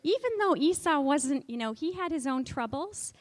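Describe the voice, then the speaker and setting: A woman's voice: sits high, lively intonation, normal speed, no echo. A woman teaching a Bible lesson to children in a coaxing way, asking them questions and inviting them to join in.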